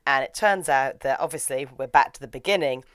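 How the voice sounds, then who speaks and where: Low-voiced woman, chatty and loose plot recap, dry close mic. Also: fairly quick, fairly bright tone, no room sound. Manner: chatty, full of "like" and "you know". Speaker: reviewer.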